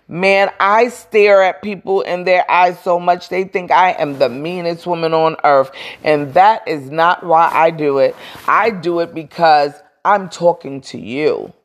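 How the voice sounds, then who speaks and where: A woman hosting a podcast, giving casual motivational advice in a frank, emphatic way. She repeats her points, talks straight to her listeners and answers her own questions. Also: lowish voice. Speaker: podcast host.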